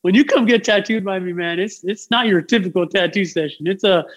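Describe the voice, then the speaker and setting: A man with a fairly high voice chats loosely on a podcast about his work as a tattoo artist. He rambles and tells stories with lots of "like" and "you know", getting animated as he goes. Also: fairly quick, dull audio. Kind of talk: casual podcast chat, storytelling.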